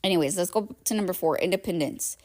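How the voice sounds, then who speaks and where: Chatty woman podcaster, low voice. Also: quick pace. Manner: chatty, animated, filler-heavy, acts out quoted dialogue. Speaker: podcast host. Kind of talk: casual storytelling monologue.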